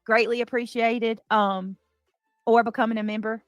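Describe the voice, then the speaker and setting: A woman's voice: on the high side, level tone, normal speed, dry recording, faint music behind. Chatty woman live-streaming. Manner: chatty, effusive, greets viewers from chat. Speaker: livestream commentary host. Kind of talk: casual livestream chat.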